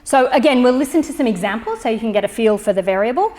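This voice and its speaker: A woman giving a public lecture, explaining charts in a measured way with frequent fillers. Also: on the high side, lively intonation, darkish tone. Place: library lecture hall. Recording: long reverb in a lecture hall.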